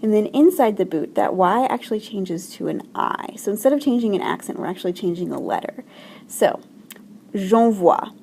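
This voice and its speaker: A woman French teacher talks her class through a grammar lesson in a gravelly, mellow voice. She explains patiently and clearly, with a few fillers, over a faint hum of room noise. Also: mid-range voice, expressive, fairly quick.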